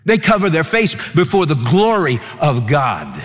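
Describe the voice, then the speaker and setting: A man pastor delivering a sermon in an earnest preaching manner, slowing and dropping low to stress key words. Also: sing-song, big-room sound.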